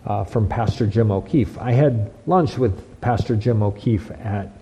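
A man's voice: on the low side, unhurried, dark tone, a little hiss or hum, rough recording. A man preaching a sermon as pastor, emphatic, repeating phrases and restarting lines.

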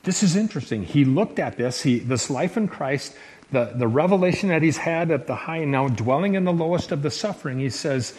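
A man's voice: on the high side, expressive, a little fast, a little mellow, poor audio. A male pastor preaching a sermon to his church in an emphatic, conversational way, often restarting his phrases.

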